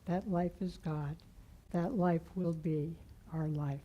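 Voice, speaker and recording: Woman guest minister, unhurried heartfelt sermon, very dark mellow tone. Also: low-pitched, steady tone, rough recording. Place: church sanctuary.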